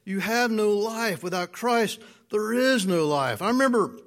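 Preaching in a chatty, conversational way, this pastor stretches out emphatic words, adds playful asides, and keeps checking in with his listeners. His voice sits high, sounding expressive and fairly bright.

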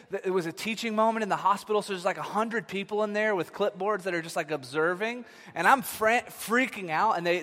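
A man in his thirties preaching a sermon, telling stories in an animated way that swings from loud to hushed. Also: on the high side. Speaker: pastor. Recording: long reverb of a large hall.

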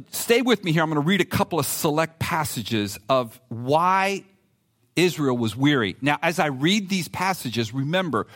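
Male pastor, lively sermon delivery, slightly higher voice, conversational. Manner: animated, conversational preaching with swings in pitch; reads scripture with emphasis.

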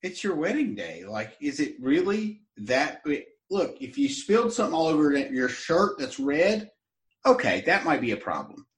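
Lively, emphatic male interviewer. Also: on the high side, moderate pace, echoey room. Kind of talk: casual interview chat.

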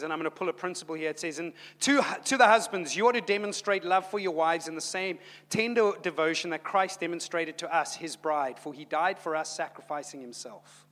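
A man preaching a sermon as pastor, shifting between quiet and loud, exclaimed passages. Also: high voice. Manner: dynamic preaching, swings from soft to loud. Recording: long hall reverb.

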